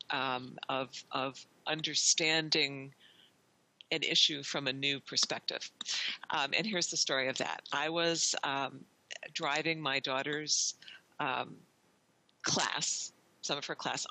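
A middle-aged woman with a very bright, ringing voice tells a story at length as a podcast guest. She talks in a chatty way, full of restarts and quoted dialogue. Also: sits low, fairly even intonation, measured pace, dry recording, poor audio. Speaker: wayfinding consultant, guest.

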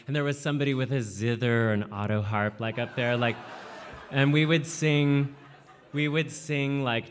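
Man from Washington, animated personal storyteller; chatty, peppered with "like", keeps breaking into voices. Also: mid-range voice, normal speed. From Washington state, USA. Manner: animated, jumps into quoted voices, many "like" fillers.

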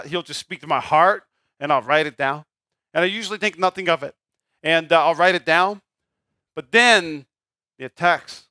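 High, bright-voiced preaching pastor. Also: male voice, dry recording, clean studio sound. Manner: emphatic, swings from loud to quiet. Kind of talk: sermon.

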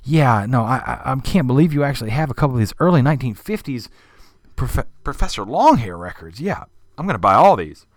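An excitable record collector gushes and stammers in breathless astonishment, as a man acts him out. His pitch climbs and swoops in a lively way, and his speech runs fast. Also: dry recording, studio quality. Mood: astonished.

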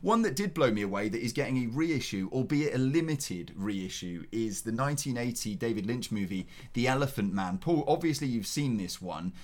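A man's voice: mid-range voice, expressive, a little fast, hardly any pauses. A man hosting a film review show, giving blunt opinions in casual chat with his co-host.

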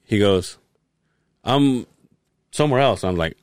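A middle-aged man hosting a podcast who tells a long story in a casual, animated way, swearing often and laughing as he goes. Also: on the low side, measured pace, no room sound, clean studio sound. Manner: animated, profane, laughs while telling stories. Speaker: podcast host.

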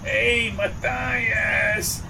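A man's voice: very high-pitched, little pitch movement, extremely slow, creaky, distant mic, background noise, voice pushed up, full character voice. A man voicing a pushy small-town male busybody who needles everyone, in a whiny manner. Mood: needling.

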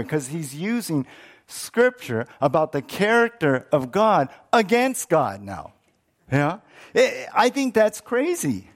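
High-voiced animated male pastor. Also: a little slow. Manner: animated, acts out quoted lines with rising pitch and many restarts. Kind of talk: sermon.

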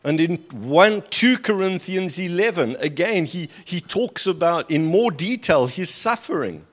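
A man's voice: high-pitched, animated, measured pace. A man preaching a sermon, reading scripture aloud with rising emphasis and breaking off for dry, sarcastic asides. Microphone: handheld or stand mic at a lectern.

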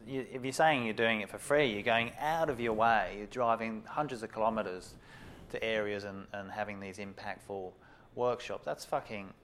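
A man's voice: lowish voice, moderate pace, fairly bright tone, slight background noise. A man hosting a podcast, chatting casually and encouraging his guest, with frequent restarts and casual swearing. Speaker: podcast host. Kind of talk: casual interview chat.

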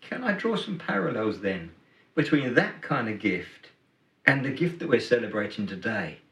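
A middle-aged man giving a Christmas sermon as pastor, telling a story and swinging between loud emphasis and hushed words. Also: on the low side, very animated, normal speed, slight background noise. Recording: roomy hall, from a distance.

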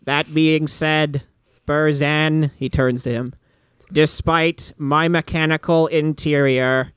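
A man voicing a prim male automaton gentleman who speaks formally and stiffly. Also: a little high, fairly even intonation, slow pace, clean tone, no room sound.

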